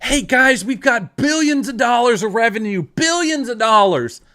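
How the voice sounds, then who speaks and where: A man's voice: very high-pitched, expressive, moderate pace, bright, forceful tone, voice pushed up, exaggerated voice. Smug greedy boss, as a man puts him on. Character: smug greedy male boss brushing off staff.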